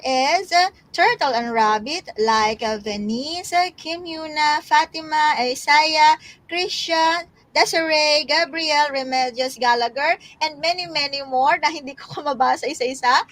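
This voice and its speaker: Filipino woman, online tutor, high voice, filler-heavy. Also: a little slow, a bit bright. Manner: reads out learners' names, many fillers. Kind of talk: live online lesson.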